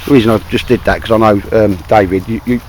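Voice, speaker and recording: A man's voice: on the low side, steady tone, fast, slight background noise, rough recording. A man with a Cockney accent chatting casually to camera outdoors in a wet wood, rambling and calling his mate "mate". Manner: rambling, chummy, keeps saying "mate". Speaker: outdoor vlogger.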